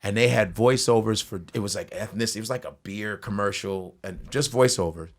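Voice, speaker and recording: A man telling crude, animated stories in casual podcast banter. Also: fairly low pitch, a little fast. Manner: animated storyteller, crude and profane.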